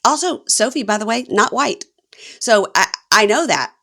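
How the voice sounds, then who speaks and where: A woman with a Southern accent hosting a casual reality TV recap podcast, chatty and self-deprecating with quick asides. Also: fairly high pitch, animated, pushed and bright. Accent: Southern American. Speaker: podcast host.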